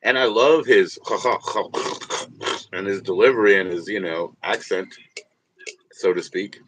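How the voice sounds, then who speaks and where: A livestream host with a low, fairly bright voice speaks slowly in casual chat. He rambles and swears, laughs often, and talks straight to his viewers.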